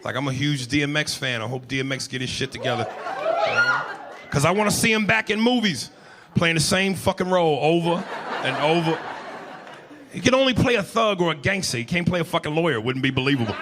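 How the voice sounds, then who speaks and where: A male stand-up comedian performing profane, shouty stand-up comedy in a noisy live club with a crowd. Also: fairly high pitch, fairly quick.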